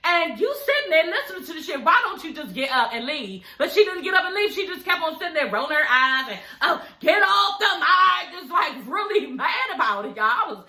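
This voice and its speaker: A woman recapping a reality show to her viewers, gossipy and animated, swearing freely and calling her audience y'all. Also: high-pitched, fast, hardly any pauses, echoey room, poor audio.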